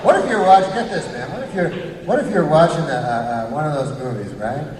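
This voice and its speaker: A man doing a rambling stand-up set, deadpan, with filler phrases. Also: fairly high pitch, fairly quick, background noise. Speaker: stand-up comedian. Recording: echoey club from far off with loud crowd. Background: audience laughter.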